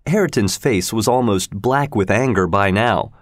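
A man narrating a storybook in a slow, measured reading style. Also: fairly low pitch, no room sound, clean studio sound.

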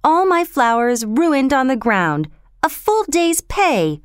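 A poor young flower girl with a thick Cockney accent, put on by a woman narrating a storybook, pitched high and swinging wide. She talks loud and aggrieved, clipping her word endings, in a crisp voice. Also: very animated, a little slow, dry recording, clean studio sound. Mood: indignant. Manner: loud, complaining, dropped g's.

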